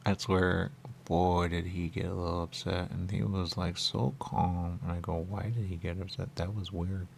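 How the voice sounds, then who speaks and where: Gravelly man rambling on the radio. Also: deep voice, flat delivery, normal speed, a little hiss or hum. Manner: meandering, repeats catchphrases, acts out quoted voices. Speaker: radio show host. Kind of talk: rambling monologue.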